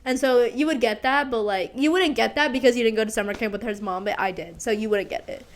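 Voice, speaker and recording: Bubbly young woman telling a story, high voice. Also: quick pace. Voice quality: animated, breaks into laughter and squeals. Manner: chatty, dramatic, swears casually, lots of "like". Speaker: podcast host. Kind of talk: casual storytelling chat.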